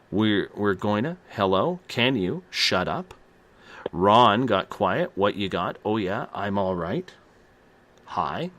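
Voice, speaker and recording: Slow-talking man hosting a radio show. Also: fairly low pitch, a bit bright. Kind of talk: reading out listener chat responses.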